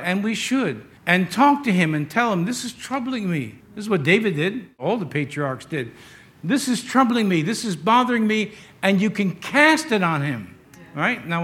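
A pastor preaches from the pulpit in a notably high, slightly bright voice for a man. He drives his points home through repetition and eases them with humorous personal stories.

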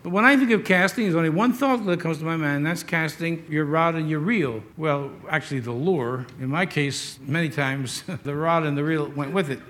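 A man delivers a sermon from the pulpit, his voice sitting notably high for a man. He builds his points through repetition and lightens them with humorous personal anecdotes. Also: moderate pace, hardly any pauses, fairly bright tone. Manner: storytelling with humor, repetitive emphasis. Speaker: pastor.

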